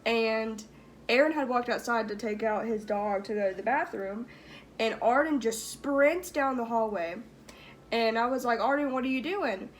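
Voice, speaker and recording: A woman's voice: a little high, unhurried, slight background noise. A young woman hosting a vlog, casually telling a spooky story with lots of "like" fillers and giggles. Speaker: vlog host.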